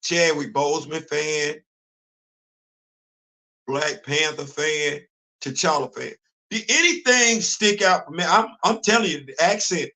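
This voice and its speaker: A man hosting a casual live-stream chat about comics and culture, animated and repeating phrases for emphasis. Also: fairly high pitch, a little slow, long pauses, low-quality recording.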